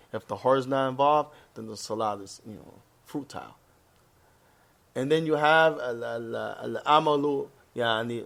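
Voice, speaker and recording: A man gives a religious lesson at a quick pace in a mid-pitched voice. He explains terms one by one, slips Arabic quotes and phrases into his English, and corrects himself as he goes with an occasional um. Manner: talks quickly with fillers and self-corrections. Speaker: Islamic teacher.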